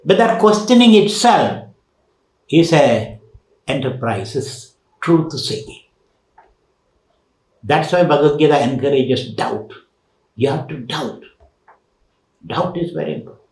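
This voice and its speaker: A man's voice: a little high, animated, unhurried, long pauses, a little mellow, reverberant, rough recording. A man giving a spiritual lecture as a swami, teaching emphatically with rhetorical questions and recited Sanskrit verses.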